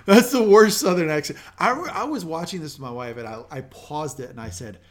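Animated man giving emphatic film opinions. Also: a little high, brisk. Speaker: podcast co-host. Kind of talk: casual movie review chat.

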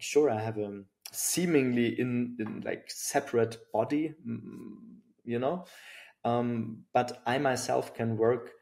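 A man's voice: mid-range voice, vocal fry, a little mellow. A middle-aged man with a German accent, talking thoughtfully as an interview guest, with many fillers and restarts. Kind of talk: reflective interview talk.

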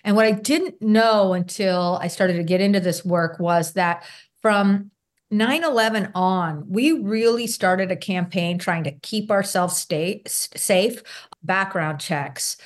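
A woman's voice: medium pitch, takes it slowly. Earnest middle-aged woman telling her story. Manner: earnest, ends points with tag questions; acts out remembered dialogue. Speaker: interview guest. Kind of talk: conversational personal storytelling.

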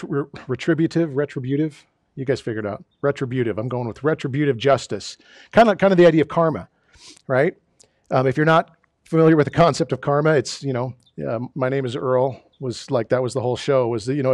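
A male pastor gives a relaxed, chatty sermon at a middle pitch, joking about himself and sometimes yelping in mock frustration. The sound is dry and close, with little room echo. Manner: conversational, self-deprecating humor with mock exasperated outbursts. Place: church sanctuary.

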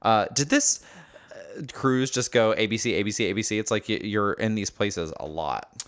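A man with a lowish, slightly bright voice co-hosts a casual podcast at a moderate pace. He reads out journal entries and teases his friend with dry jokes.

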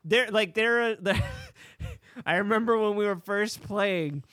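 A man co-hosting a casual podcast chat, an animated storyteller who laughs often. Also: sits high, measured pace, no echo, clean studio sound. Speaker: podcast co-host.

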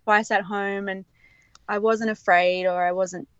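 A woman's voice: medium pitch, level tone, measured pace, clear, resonant tone, no room sound. Woman guest telling a personal story, open and chatty with frequent laughs, on a dull dry recording. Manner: candid, chatty, laughs often. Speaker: guest sharing her birth story. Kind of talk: casual interview.

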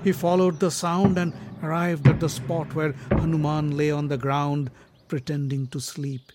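Brief: male narrator for an epic tale, slightly high voice, dramatic storytelling. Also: flat delivery, very noisy. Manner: measured, dramatic storytelling delivery.

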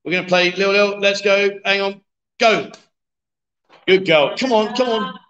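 A middle-aged man runs a live stream from a bar, coaxing the players and teasing them in a chatty, joking way. His voice sits fairly high for a man. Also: a little slow, a bit bright, highs cut off, a little hiss or hum. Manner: jokey, coaxing, chatty with viewers. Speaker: livestream host. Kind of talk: live-streamed pool game commentary. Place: bar with a pool table.

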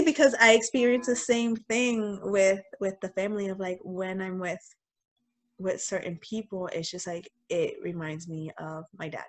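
Casual, animated storytelling from a young woman co-hosting a podcast. She talks in a relaxed conversational way, looping back with little fillers as she goes. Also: medium pitch, normal speed. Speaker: podcast co-host. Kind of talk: casual chat.

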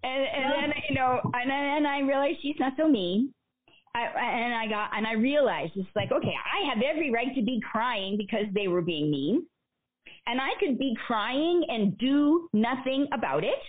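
A woman's voice: high voice, normal speed. Earnest woman telling stories on a thin line. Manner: earnest, animated storyteller. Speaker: guest, motivational speaker. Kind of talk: personal storytelling interview. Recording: phone-like narrow band.

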